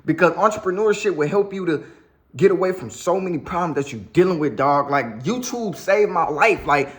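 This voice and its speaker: A man's voice: a little high, animated, normal speed, a bit bright. A young man vlogging to camera with relationship advice, blunt and slangy, often repeating his catchphrases. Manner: blunt, slangy, repeats "you get what I'm saying". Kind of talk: casual direct-to-camera talk.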